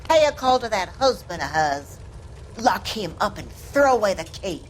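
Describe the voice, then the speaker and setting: A woman's voice: mid-range voice, sing-song, moderate pace, slight background noise, natural voice, poor audio. An actress voicing a defensive, evasive landlady with a Southern US accent in a video game. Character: southern landlady, defensive, guarding her reputation.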